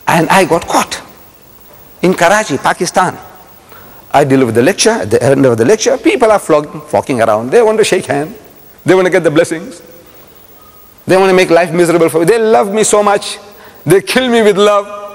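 An older man from South Africa with a South African accent, giving a religious lecture to a live audience as an animated storyteller who keeps asking the crowd questions. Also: on the high side. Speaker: Islamic lecturer. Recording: echoey hall with long reverb.

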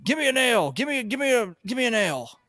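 A man voicing a grumpy, heavyset, bearded male plumber who barks orders impatiently, in a voice pitched up from his own. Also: lively intonation, quick pace, a bit bright, dry recording. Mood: gruff. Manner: gruff, barking, impatient.

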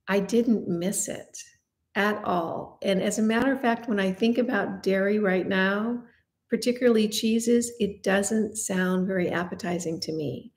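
Woman, 50s, channel host; friendly, confiding Q&A delivery, mid-range pitch. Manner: chatty, confiding, self-deprecating asides. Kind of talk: casual Q&A chat to camera.

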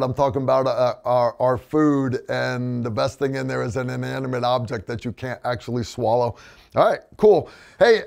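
A man's voice: mid-range voice, vocal fry, a little mellow. An American man hosting a casual review vlog, joking and rambling in a folksy way. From United States. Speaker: host.

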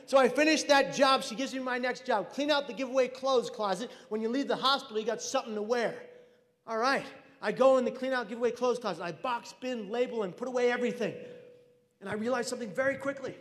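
A man telling a personal story on stage as a mental health speaker, animated and loud at the punchlines. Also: extremely high pitch, fast. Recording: reverberant hall.

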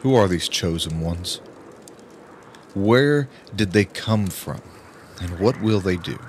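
A man narrating an audiobook in a grave, emphatic way with dramatic pauses. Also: low-pitched, expressive, a little hiss or hum. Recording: music playing under the voice.

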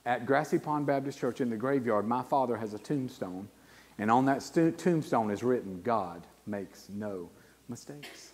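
A man, preaching a sermon and telling a personal story, his voice swinging from hushed to loud. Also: mid-range voice, moderate pace. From South Carolina. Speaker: guest preacher. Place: church sanctuary. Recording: long church reverb.

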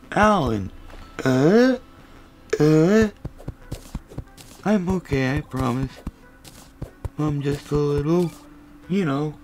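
Young male gaming commentator, gravelly, unhurried, goofy deadpan rambler, game music faint underneath. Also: on the high side, low-quality recording. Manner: goofy, random tangents, deadpan asides. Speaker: gaming video creator. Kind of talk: rambling comic gameplay commentary.

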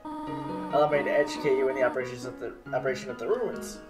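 A man reading aloud as a kindly, motherly caretaker creature from a game, slower and more formal than his own talk. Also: medium pitch, big pitch swings, lightly acted. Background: game music.

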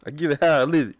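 A young streamer with a slightly high voice, recorded with no echo, plays a game and talks casually with his friends. His chatter mixes jokes, swearing, and humming.

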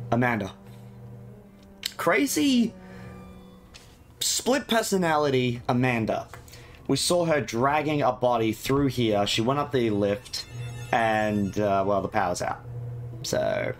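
A man giving casual, joking let's-play commentary, swearing freely. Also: mid-range voice. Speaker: game streamer.

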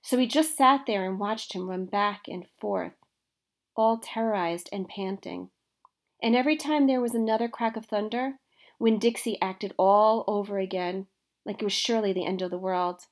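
A woman teacher reading a children's novel aloud to her students with expressive storytelling. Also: medium pitch, normal speed.

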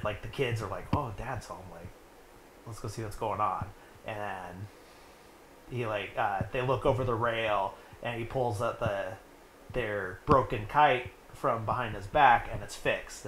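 A man's voice: fairly low pitch, a bit bright. Rambling young man recapping a film. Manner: rambling, heavy use of "like". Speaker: podcast host. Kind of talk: casual movie recap. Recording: echoey room with faint noise.

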